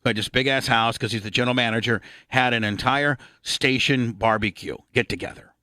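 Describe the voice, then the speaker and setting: A man in his fifties hosting a radio talk show, telling a rambling, profane story and clearing his throat often. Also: mid-range voice, brisk, pushed and bright, no echo, clean studio sound.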